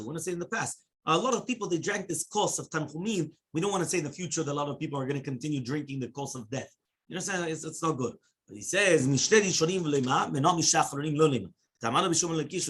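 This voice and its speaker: A man leads a Talmud lesson at a brisk clip, reciting Hebrew passages rapidly before translating them into English. His voice sits a touch high for a man and has a husky grain. He keeps checking in with his listeners with quick "right?" and "yeah?" asides. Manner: chants Hebrew quotes rapidly. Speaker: rabbi teaching Talmud.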